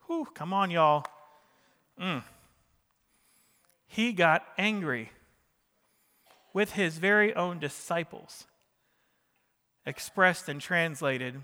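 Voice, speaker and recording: A man's voice: on the high side, lively intonation, takes it slowly, long pauses, pushed and bright, in a large hall. A man preaching a sermon in a church, talking casually with the congregation and joking with them as he goes. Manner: conversational preaching with jokes and questions to the congregation. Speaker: pastor.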